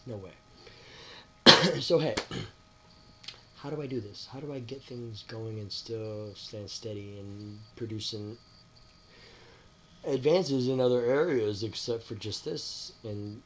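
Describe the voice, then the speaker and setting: A man talking to his viewers in a rambling, preachy monologue. He asks them rhetorical questions and swings between loud outbursts and quiet mutters. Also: on the low side, slight background noise. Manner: addresses listeners with rhetorical questions. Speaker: spiritual vlogger. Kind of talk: casual spoken monologue to viewers.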